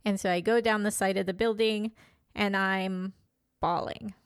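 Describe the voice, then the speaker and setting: Woman in her fifties, reflective personal monologue, candid, pauses and restarts, smooth clear voice, dry close sound. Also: medium pitch, steady tone, no echo. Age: 50s. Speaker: vlogger.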